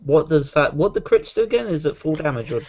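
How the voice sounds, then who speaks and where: A man's voice: on the high side, animated, quick pace, husky. A man playing a tabletop game, eager and chatty about his moves. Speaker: player. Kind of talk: casual tabletop play. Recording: muffled lo-fi mic.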